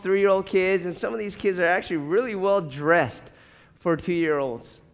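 A man in his thirties preaching a sermon as pastor, earnest, often repeating words as he builds a point. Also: sits high. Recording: long hall reverb.

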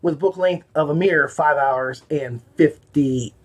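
A man's voice: a little high, a little slow, breathy edge. Rambling man hosting a book-review podcast. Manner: rambling, with many fillers and restarts. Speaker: podcast host reviewing audiobooks. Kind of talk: casual spoken review.

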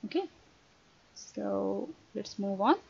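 A young woman, teaching a grammar lesson online with careful explanations and frequent pauses to say uh. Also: medium pitch, animated, gravelly, a little mellow, slightly rough, dry recording. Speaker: language teacher. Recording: dry, dull lo-fi recording.

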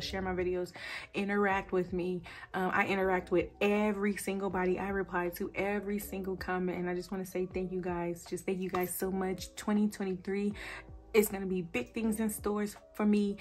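A young woman, a budgeting vlogger chatting to camera, emotional and close to tears, repeating herself. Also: mid-range voice. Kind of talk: casual chat to camera.

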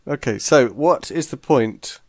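Male podcast co-host, average pitch, relaxed questioner, dry close recording. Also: unhurried, no echo. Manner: easygoing, short replies and questions. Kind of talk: casual film discussion.

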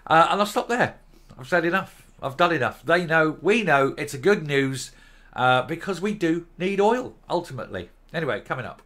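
A slightly high-voiced older man delivers opinion commentary with a scornful, sarcastic bite. His pitch swings widely as he fires off rhetorical questions. The tone stays mocking and animated throughout. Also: moderate pace. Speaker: host.

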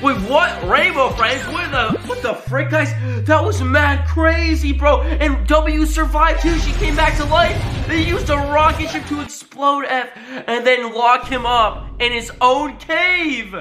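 A young man hosting a reaction video, excitable and exclaiming often, constantly addressing his viewers. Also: very high voice, unhurried, few pauses. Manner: excitable, exclaims often, keeps saying "guys". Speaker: reaction channel host. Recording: background music under voice.

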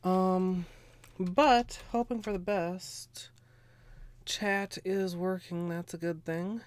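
A woman streaming nail art, chatting casually and ramblingly with viewers while a bit under the weather, clearing her throat now and then. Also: fairly low pitch, fairly even intonation, slow. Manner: rambling, chatty, greets viewers, frequent laughs and fillers. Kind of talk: casual livestream chat.

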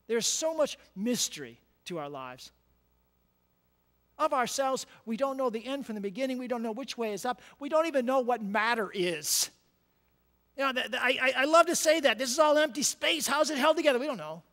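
A male pastor preaching a conversational sermon, repeating words and checking in with "right?", moving between quiet and loud emphatic passages. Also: extremely high pitch, lively intonation, brisk, in a large hall. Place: church sanctuary.

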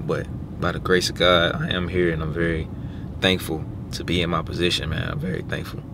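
Low-voiced young man vlogging from a car. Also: completely flat delivery, a little fast. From Little Rock, Arkansas. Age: 20s. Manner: reflective, slangy, addresses viewers as family. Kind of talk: casual vlog talk to viewers. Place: inside a car. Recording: noisy car interior.

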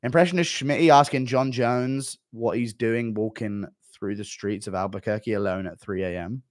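A man streaming live and reading chat messages aloud, crude and deadpan with mumbled asides. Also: medium pitch, brisk, no echo, studio quality.

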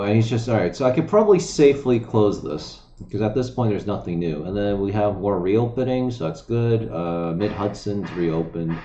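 A man's voice: lowish voice, warm tone, slight background noise. Swearing male streamer ranting over headlines. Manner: rants and swears, reads headlines aloud with mumbled asides. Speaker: streamer reading and reacting to news. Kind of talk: casual profane live-stream commentary. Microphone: desk microphone. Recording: echoey room, slightly dull lo-fi sound.

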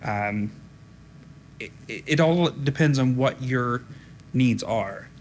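A man giving a conference talk in a flat, direct, informal way, often saying "um". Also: mid-range voice, takes it slowly, a little hiss or hum. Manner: direct, informal, frequent ums. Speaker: conference speaker. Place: conference room.

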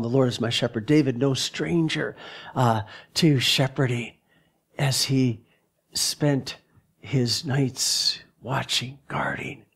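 Slow-speaking male pastor preaching. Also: mid-range voice, breathy edge. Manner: halting, repeats words while searching for phrasing. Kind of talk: sermon. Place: church sanctuary.

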